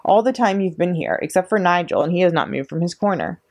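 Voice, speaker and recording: Woman voicing a gentle, kind schoolteacher. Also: lowish voice, lively intonation, fast.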